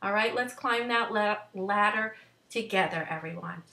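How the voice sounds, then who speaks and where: A woman's voice: medium pitch, normal speed, pushed and bright, distant mic. A woman hosting a wellness vlog, giving an emphatic, coaching talk straight to her viewers. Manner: emphatic, coaching, direct address. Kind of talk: motivational talk to camera. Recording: echoey room.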